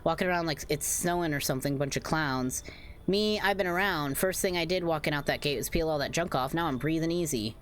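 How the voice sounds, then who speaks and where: A woman voicing a gruff, crude man just out of prison, speaking with a put-on Southern drawl. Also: sits low, a little fast, a little hiss or hum, lightly acted. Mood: scornful. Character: rough drifter man, just released, gruff.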